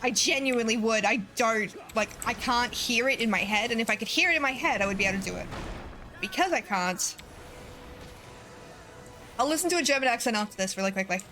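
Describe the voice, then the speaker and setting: A woman's voice: fairly high pitch, a little fast, bright, forceful tone, a little hiss or hum. A young woman streaming a game, chatting casually, giggling often and reading chat aloud.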